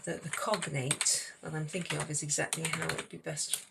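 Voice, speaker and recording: A woman's voice: deep voice, little pitch movement, a little fast, vocal fry, very noisy. A woman teaching a French lesson, reading a French text aloud and then explaining its words and pronunciation in English.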